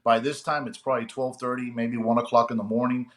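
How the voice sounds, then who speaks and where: Speaking at a medium pitch and a quick pace, a middle-aged retired police sergeant tells a story on a lively, chatty podcast. He frequently checks in with his listeners as he goes.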